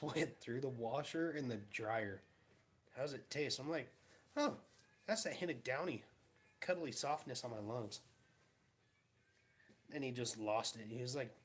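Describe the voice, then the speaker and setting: A young man casually telling rambling, laughing stories in his garage and acting out the quotes. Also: mid-range voice. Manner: rambling, laughing storyteller who acts out quotes. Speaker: vlogger. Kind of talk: casual storytelling. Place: home garage.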